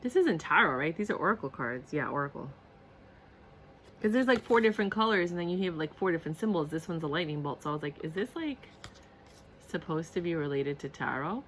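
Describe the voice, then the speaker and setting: A woman's voice: deep voice, animated, a little fast, a little hiss or hum. A woman reviewing a card deck on camera in a casual, gushing way, repeating herself and laughing often. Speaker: tarot and oracle deck reviewer.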